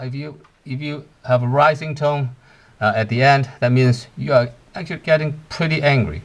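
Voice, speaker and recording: A man teaching words in English, explaining step by step, slowing down on each word and asking "right?" to check the listener is following. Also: on the high side. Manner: slows to spell out Cantonese words. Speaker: Cantonese teacher. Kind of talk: language lesson.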